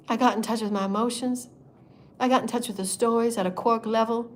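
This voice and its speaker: A woman leading a spiritual meditation in a sermon style, impassioned and repetitive, moving between soft murmurs and loud declarations. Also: on the high side, steady tone, a little fast. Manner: repetitive, chant-like phrasing. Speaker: spiritual channeler.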